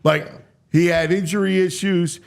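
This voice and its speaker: A man's voice: sits high, fairly even intonation, unhurried, vocal fry. A man hosting a sports talk radio show, chatting casually with many stumbling restarts. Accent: Philadelphia.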